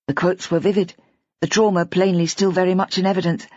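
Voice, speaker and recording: A woman narrating an audiobook mystery with measured, expressive storytelling. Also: on the low side, dry recording. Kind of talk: scripted narration. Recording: dull, dry lo-fi audiobook recording.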